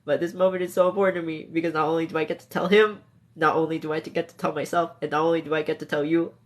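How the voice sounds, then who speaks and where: A man's voice: fairly high pitch, level tone, racing. Emotional young male streamer, choked up. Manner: emotional, tearful, laughing between words; reads chat comments aloud softly. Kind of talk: casual live-stream chat.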